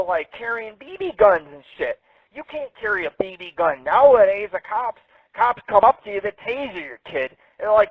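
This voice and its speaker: A man's voice: high-pitched, no room sound. A man hosting a radio show, ranting crudely and mocking what he reads aloud, profane and loose. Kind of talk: crude comedic radio rant. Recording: dry, phone-like narrow radio sound.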